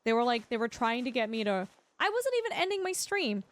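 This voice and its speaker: A woman's voice: fairly high pitch, sing-song, fairly quick. A woman streamer chatting casually while gaming, telling rambling stories and laughing often. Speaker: Twitch streamer.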